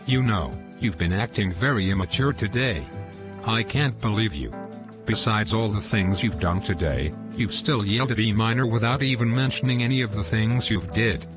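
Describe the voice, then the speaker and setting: A man voicing a lecturing, low-voiced young guy. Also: close to an everyday voice. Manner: lecturing and reproachful. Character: calm, moralizing young male character. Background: music.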